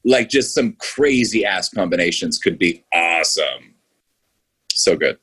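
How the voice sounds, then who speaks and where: This filmmaker guest's voice sits low, husky and bright, with a forceful, expressive delivery at a measured pace. On the casual podcast he talks enthusiastically, rambling and often restarting.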